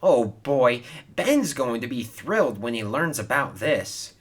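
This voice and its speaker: A man's voice: medium pitch, sing-song, a little slow, voice pushed up. A man voicing a cheeky, scheming little male engine with a chirpy manner.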